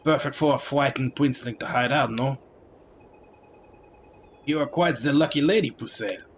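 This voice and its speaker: A man's voice: mid-range voice, moderate pace, a little hiss or hum, natural voice. A man voicing a rude, scornful male knight with a put-on French accent, sneering as he reads game dialogue.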